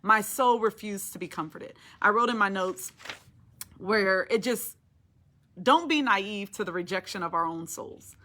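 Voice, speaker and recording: A woman's voice: mid-range voice, a little slow, sharp tone. A woman giving a devotional Bible teaching, reading scripture aloud and preaching on it with rising passion. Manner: impassioned, rising to emphatic declarations.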